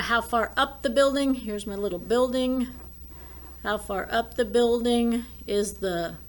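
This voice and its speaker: A woman teaching a math lesson, working problems aloud at an unhurried pace. Her voice sits a little high, and she narrates each step as she draws and writes. Plain, practical delivery with small asides. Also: fairly bright tone. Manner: talks while drawing and working problems aloud.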